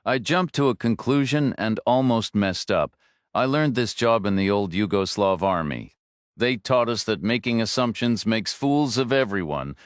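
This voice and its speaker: A man voicing a warm, helpful male mechanic on the phone, speaking apologetically. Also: on the low side, animated, normal speed, dry recording, clean studio sound, natural voice. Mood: apologetic. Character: friendly Eastern European male mechanic on phone.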